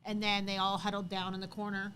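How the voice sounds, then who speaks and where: Bright-voiced woman telling a story. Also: mid-range voice, quick pace, slight background noise. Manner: animated storytelling, acts out quotes loudly. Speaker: co-host. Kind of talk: casual chat on a livestream.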